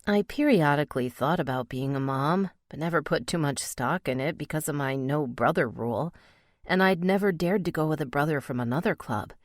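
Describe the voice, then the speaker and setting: A woman narrating a romance audiobook in the first person, expressive in the dialogue. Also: sits low, no room sound, clean studio sound.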